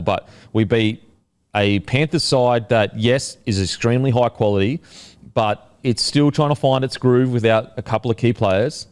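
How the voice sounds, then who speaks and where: An Australian man hosting a casual podcast chat, jokey and quick with asides. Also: lowish voice, darkish tone, clear, resonant tone. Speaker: podcast host. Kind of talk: casual chat about football tips.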